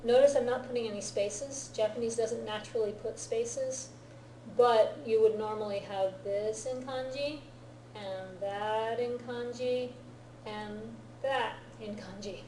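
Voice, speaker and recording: A woman's voice: a little high, steady tone, measured pace, dark tone, roomy sound, slight background noise, rough recording. A woman teaching a grammar lesson to a class, patiently explaining and often checking whether everyone understands. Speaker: Japanese teacher.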